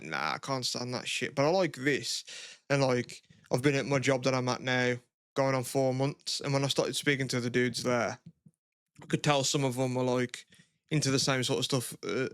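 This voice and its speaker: In a clear, resonant, medium-pitched voice, this young man co-hosts a podcast and keeps things casual, rambling with plenty of fillers and profanity. The recording is dry and studio quality.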